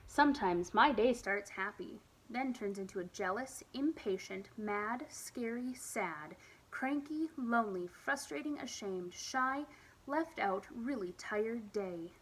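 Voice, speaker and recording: A woman reading a children's picture book aloud at storytime, with expressive, lively emphasis. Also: on the high side, takes it slowly, breathy edge, low-quality recording. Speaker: storytime reader.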